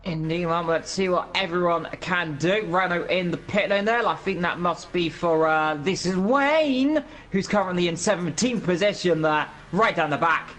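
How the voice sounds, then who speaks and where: High-pitched guy calling a sim race, lively and jokey. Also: normal speed, hardly any pauses. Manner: energetic, playful track walkthrough. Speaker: esports race commentator. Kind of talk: live sim racing commentary.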